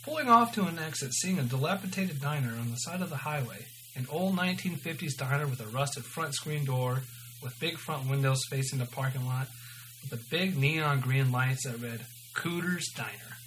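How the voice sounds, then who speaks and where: A man's voice: medium pitch, normal speed, a bit bright, a little hiss or hum, low-quality recording. A man casually reading his own story aloud, often stumbling and correcting himself, with an amused manner.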